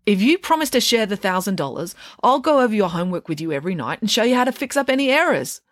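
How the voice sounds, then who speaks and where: A woman's voice: medium pitch, big pitch swings, fast, dry recording, studio quality, voice pushed up, close to an everyday voice. A woman voicing a fussy, ambitious schoolgirl in a storybook reading, speaking in a prim, emphatic way. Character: ambitious schoolgirl, fussy top maths student.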